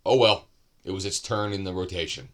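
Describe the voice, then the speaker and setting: Casual male book reviewer, lowish voice, chatty and wandering, thinks aloud mid-sentence. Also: brisk, fairly bright tone. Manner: loose and rambling, with asides and self-corrections.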